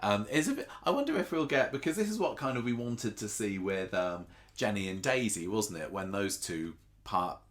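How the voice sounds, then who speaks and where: A man's voice: on the low side, lively intonation, normal speed, few pauses. A man co-hosting a casual podcast, rambling and thinking aloud with restarts. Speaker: podcast co-host. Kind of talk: casual chat about a TV soap.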